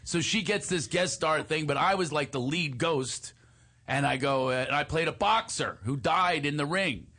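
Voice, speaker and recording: A man in his forties, hosting a radio talk show. His husky voice sits a little high and swings widely as he tells funny stories. He acts out the lines of the people in them. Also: lively intonation, moderate pace, sharp tone. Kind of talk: comedic radio chat, telling stories.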